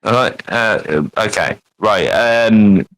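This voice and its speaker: A man's voice: fairly low pitch, slow, fairly bright tone, low-quality recording. A man co-hosting a podcast, joking sarcastically and swearing in casual chat. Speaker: podcast co-host.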